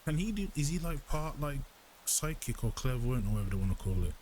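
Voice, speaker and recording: A man's voice: medium pitch, big pitch swings, a little fast, darkish tone, slight background noise. A man reading a visual novel aloud and chatting casually between passages, calling his viewers bro. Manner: casual, says bro often. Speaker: gaming YouTuber.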